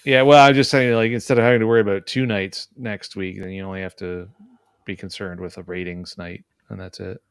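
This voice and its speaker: A man's voice: deep voice, flat delivery, a little fast, clear, resonant tone, no room sound. A man on a movie-review panel, talking in a laid-back, wry way in casual chat. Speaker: podcast panelist.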